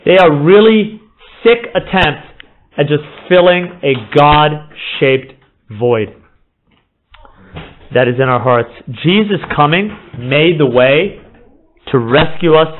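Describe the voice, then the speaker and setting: A man preaching a sermon with passion, rising to near-shouts at emotional points. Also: on the high side. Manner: impassioned, rising to near-shouts when voicing the father. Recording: tinny phone-like audio with background noise.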